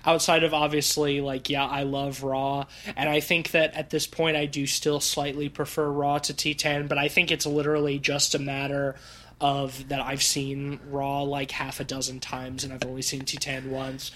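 A man's voice: medium pitch, monotone, normal speed, a bit bright. A man co-hosting a podcast, talking about movies in a rambling, casual way with many fillers. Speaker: podcast co-host. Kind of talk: casual film chat.

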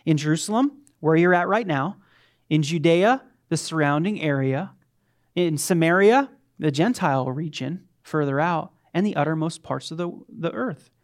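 A middle-aged man, a pastor, preaching an animated, conversational sermon with quick asides. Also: on the high side.

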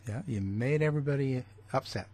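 A man's voice: mid-range voice, brisk, a little mellow, no echo. A man hosting a casual chat, speaking hesitantly with many fillers. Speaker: host.

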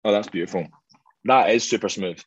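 A man's voice: on the low side, slightly rough, dull audio. Chatty Scottish man hosting a whisky tasting. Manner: chatty, jokey, quick and self-deprecating. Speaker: host of a whisky tasting show. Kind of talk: casual tasting chat.

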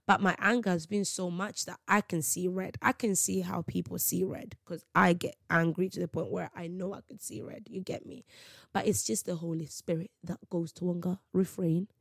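Emphatic woman with gravelly voice. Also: lowish voice, steady tone, normal speed, fairly bright tone, dry recording. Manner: emphatic, preachy, slangy storytelling. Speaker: podcast host. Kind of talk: faith podcast monologue.

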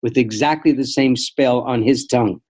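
Older guy being interviewed, mellow warm tone, thoughtful slow storytelling, lots of restarts. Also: mid-range voice, slightly rough, poor audio. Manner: thoughtful, measured, frequent restarts. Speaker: interview guest. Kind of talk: reflective storytelling conversation.

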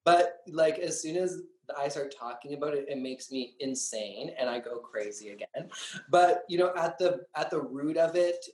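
A drag queen talks through an interview with profane, theatrical flair, slipping into the lines he said. His voice sits fairly high for a man and carries a roomy echo. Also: normal speed, a little mellow, a little hiss or hum. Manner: profane, dramatic, acts out his own lines. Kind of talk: candid interview talk.

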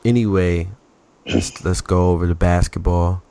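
A man chatting casually about sports as a podcast co-host, telling stories in an animated, slangy way. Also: low-pitched, moderate pace.

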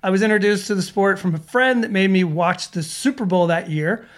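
A man's voice: high-pitched, a little fast. A man co-hosting a podcast, chatting casually and reading listener messages aloud in a laid-back, joking way. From Sweden. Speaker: podcast co-host.

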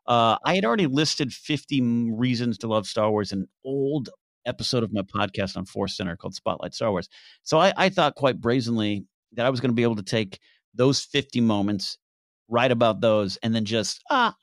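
A man's voice: medium pitch, lively intonation, a little fast, no room sound, clean studio sound. A man, a guest author answering interview questions in a casual, hesitant way with many fillers and restarts.

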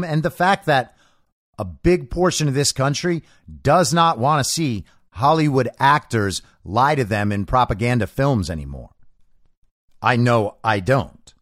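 A man hosts an opinion show, talking in a mocking, sarcastic way. His pitch rises and falls a lot as he drives his points home. The recording is dry and close. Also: no room sound. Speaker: show host. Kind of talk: opinion commentary monologue.

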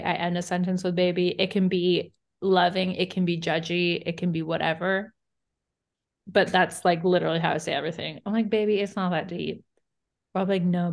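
A young Virginian woman with a light Southern accent co-hosts a laid-back podcast, laughing a lot and peppering her talk with "like." Her voice is on the low side and gravelly.

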